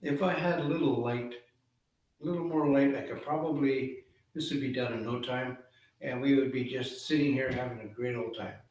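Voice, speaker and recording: A man's voice: mid-range voice, steady tone, normal speed, a little mellow, close to an everyday voice. A man doing Raven, a sly coaxing trickster. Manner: coaxing, wheedling, overly friendly. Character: sly smooth-talking male trickster raven. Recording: echoey room, far from mic.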